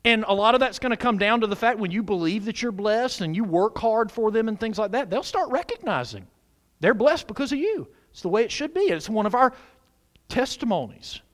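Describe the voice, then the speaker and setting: With a high-sitting, sing-song voice and a slightly fast pace, a middle-aged pastor preaches to his congregation, asking questions and answering them. He shifts back and forth between loud exclamations and quiet asides.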